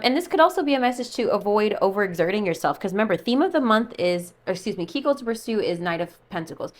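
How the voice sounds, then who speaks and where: A chatty woman reads tarot cards for her viewers, thinking out loud as she goes. Her voice sits a little low. She drifts from card meanings into loose, casual asides. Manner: chatty, musing, thinks aloud while pulling cards. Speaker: tarot reader.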